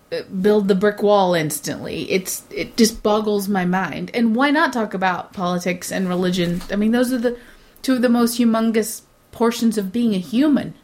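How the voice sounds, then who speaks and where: A woman's voice: medium pitch, darkish tone. A woman co-hosting a casual chat, talking in an opinionated way and mimicking others in quoted voices. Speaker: co-host.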